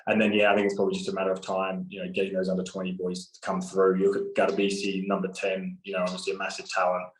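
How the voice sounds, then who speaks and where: A man as an interview guest, talking in a relaxed way with plenty of fillers. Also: sits low, fast talker, reverberant, poor audio. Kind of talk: casual interview chat.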